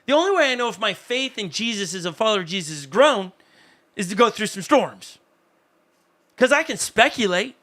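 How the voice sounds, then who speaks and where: A man delivers a sermon as pastor, his voice pitched high and bright with a forceful edge. He preaches in a conversational, animated way, turning to people in the room with quick asides.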